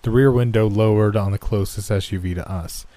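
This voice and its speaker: A man narrating a first-person horror story in a measured, even storytelling manner. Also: lowish voice, no room sound.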